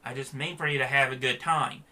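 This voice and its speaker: A man's voice: medium pitch, fairly even intonation, a little fast, sharp tone. A man giving a blunt, sarcastic opinion rant to the camera as a vlogger.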